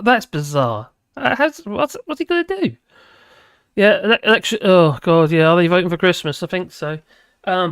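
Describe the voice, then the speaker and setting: A man's voice: high-pitched, dry recording, studio quality. A man hosting a live stream, chatting casually with viewers and rambling between topics while laughing often.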